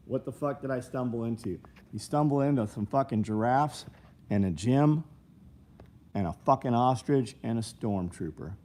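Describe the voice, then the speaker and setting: A man's voice: medium pitch, warm tone. A middle-aged man, hosting a livestream and chatting casually through viewer comments in a blunt, profane, rambling way. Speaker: livestream host.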